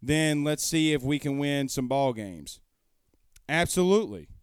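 This sports talk host streams casually from a home room, arguing his case emphatically with rhetorical questions. His fairly high voice is animated, clear and resonant at a measured pace, recorded in studio quality with no echo.

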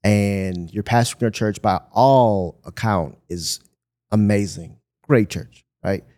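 Speaking slowly in a lowish voice, this pastor from Michigan shares an animated story from his own life during a podcast conversation. He performs the voices of everyone he quotes.

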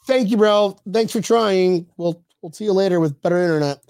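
A man hosting a casual sports podcast stream, loud and crude, laughing often as he jokes with his co-host. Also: high-pitched, fairly quick, smooth, dry recording. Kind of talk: casual banter livestream.

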